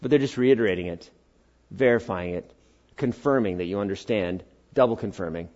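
A man's voice: lowish voice, lively intonation, a little fast, a little mellow, highs cut off. A middle-aged man preaching a sermon in a church, talking conversationally, joking and bantering with the congregation and acting out quoted speakers in character voices. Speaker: pastor.

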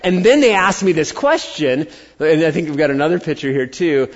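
A man's voice: fairly high pitch, animated, a little fast. An American man preaching a sermon, telling a personal story and acting out the voices he quotes. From United States. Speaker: pastor. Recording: dull lo-fi sound.

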